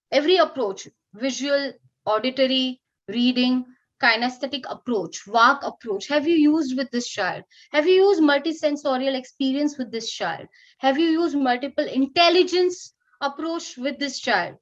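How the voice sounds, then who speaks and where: A woman's voice: high-pitched, highs cut off. A middle-aged woman with an Indian English accent, coaching teachers in an upbeat online workshop. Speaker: teacher trainer. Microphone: video call.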